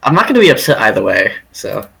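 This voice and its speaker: A man's voice: lowish voice, very animated, fast talker, creaky. A man playing a tabletop game, playful and laughing often, on a noisy home mic. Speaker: player. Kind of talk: casual tabletop gaming chat.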